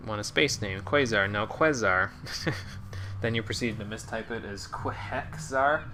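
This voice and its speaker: A man's voice: lowish voice, fairly even intonation, normal speed, noisy background. A young man streaming a video game, chatting casually and mumbling to himself as he plays. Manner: mumbles to himself, chuckles often. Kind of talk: casual gameplay commentary.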